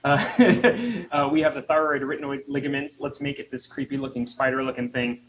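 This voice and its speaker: Jokey guy voice teacher, mid pitch, faint clicks in the background. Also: flat delivery, fast, a bit bright, slight background noise, poor audio. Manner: jokey and playful, explaining. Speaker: voice teacher presenter. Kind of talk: conference presentation.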